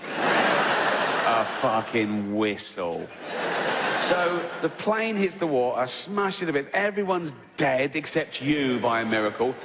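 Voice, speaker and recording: Older English comic in a reverberant hall. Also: male voice, a little high, expressive, normal speed, hardly any pauses. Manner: chatty, profane, tags lines with "right?". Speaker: stand-up comedian. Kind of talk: stand-up comedy routine. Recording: long hall reverb with faint hiss.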